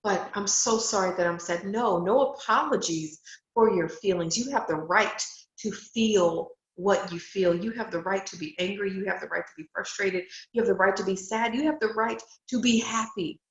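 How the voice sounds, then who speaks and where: A woman's voice: medium pitch, animated, moderate pace. A middle-aged woman giving a direct, emphatic motivational talk, encouraging women to stop apologizing. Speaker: speaker and coach. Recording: roomy, slightly dull home recording.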